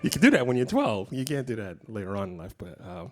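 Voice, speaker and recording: A middle-aged man giving a casual guitar clinic in a guitar shop, talking in a relaxed, rambling way with many fillers. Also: lowish voice, fast. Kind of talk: casual teaching talk. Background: guitar playing.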